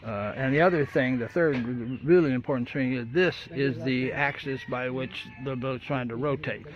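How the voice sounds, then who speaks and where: A man with a mid-range voice talks at a normal speed, giving a casual, rambling walkthrough of his boat-building work in an open-air workshop, full of fillers and folksy asides. The lo-fi audio is dull, with roosters and traffic loud in the background.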